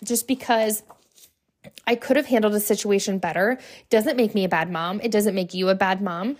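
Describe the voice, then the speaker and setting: A chatty young woman hosts a casual solo podcast, sprinkling her talk with "right?" and "like." Her voice is medium-pitched with a darkish tone, at a normal speed.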